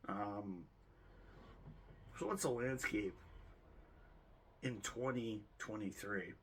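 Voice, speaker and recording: A man's voice: on the low side, slow pace, fairly bright tone, slight background noise. A man with a Boston accent hosting his own channel, rambling casually through his yearly viewer stats and correcting himself as he jokes. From Boston, United States. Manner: rambling, self-correcting, joking. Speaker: channel host. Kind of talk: casual year-end stats review.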